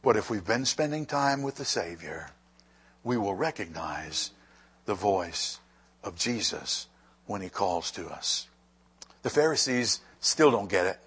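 A man preaching a sermon to a congregation, swinging between quiet stretches and loud, fervent rises. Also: fairly low pitch, very animated, unhurried, breathy edge. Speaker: pastor.

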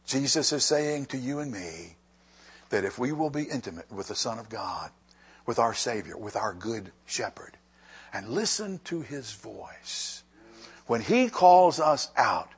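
A man preaching a sermon to a congregation, swinging between quiet stretches and loud, fervent rises. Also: mid-range voice, husky. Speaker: pastor.

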